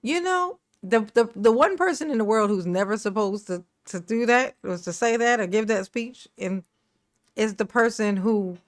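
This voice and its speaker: A woman with a lively, swooping voice cuts in with sarcastic, slangy jabs. She is recorded close up on a dry mic. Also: a little high, moderate pace, dry recording. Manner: mocking, laughing asides, slangy. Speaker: commentary YouTuber. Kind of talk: sarcastic reaction commentary.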